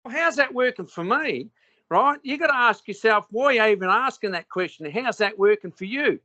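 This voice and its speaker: A man in a heated argument, cross-examining his opponent with profane, rapid-fire questions. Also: sits high, animated, pushed and bright, no room sound. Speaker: debater.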